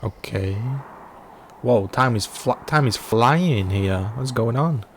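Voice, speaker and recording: A man's voice: medium pitch, expressive, slow, a little hiss or hum. A man giving casual, chatty commentary to his viewers while streaming a video game. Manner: chatty, joking asides to chat.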